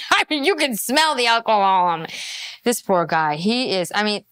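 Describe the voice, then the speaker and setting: A woman giving casual, sarcastic gossip commentary, laughing often and talking in an animated way. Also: mid-range voice, moderate pace, clean tone, dry recording, studio quality.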